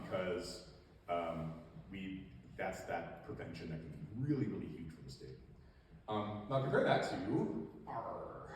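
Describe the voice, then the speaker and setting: A man's voice: on the low side, a little mellow. A man giving a casual, joking educational talk about invasive species, full of fillers and asides, to a live audience. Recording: echoey hall, distant mic, faint room noise.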